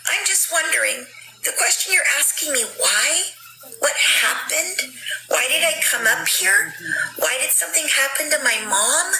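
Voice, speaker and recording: A woman reading a transcript aloud and voicing an evasive, pleading young woman being questioned by police, in a raised, halting voice. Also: sits high, animated, gravelly, bright, forceful tone, slight background noise, voice pushed up, exaggerated voice. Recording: echoey room with music behind.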